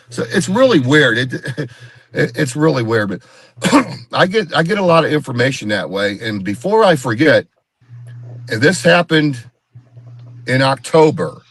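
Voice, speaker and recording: A man's voice: medium pitch, a bit bright, no room sound. A man, a guest on a live video call, telling a story in a rambling casual way and acting out what others said. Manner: rambling, repeats himself, acts out quoted dialogue. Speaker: guest Bigfoot researcher.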